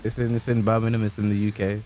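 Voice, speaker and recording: A man commentating a fighting-game tournament stream in joking, animated banter with his co-host. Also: fairly low pitch, quick pace, soft background music. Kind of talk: casual esports commentary.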